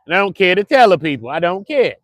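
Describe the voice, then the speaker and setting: Guy hosting a live stream, loud slangy storyteller, slightly raised pitch, dry close sound. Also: big pitch swings, fast talker, dry recording. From Brooklyn, New York. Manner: boisterous, slangy storytelling with frequent laughs. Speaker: livestream host. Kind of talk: casual live-stream chat. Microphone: clip-on mic.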